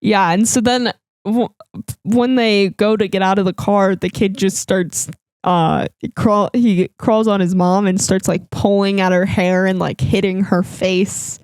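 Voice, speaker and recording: A woman's voice: mid-range voice, fairly even intonation, unhurried, darkish tone, clean tone, no echo. A woman co-hosting a podcast in casual chat, chatty and laughing often. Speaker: podcast co-host. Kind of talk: casual chat about a horror film.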